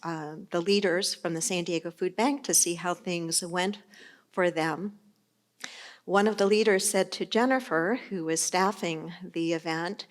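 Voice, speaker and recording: A woman's voice: lowish voice, unhurried. Conversational woman pastor telling stories. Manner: conversational storytelling. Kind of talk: sermon.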